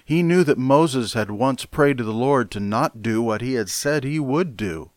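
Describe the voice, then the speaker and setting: A male pastor preaching a sermon with deliberate, emphatic phrasing and pointed pauses. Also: medium pitch, animated, dry recording.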